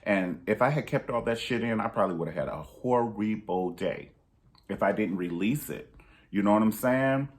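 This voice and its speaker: Deep-voiced man giving blunt advice. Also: animated, moderate pace. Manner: emphatic, preachy, direct advice to viewers; pitch jumps high for emphasis. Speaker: vlogger. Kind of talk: candid personal vlog monologue.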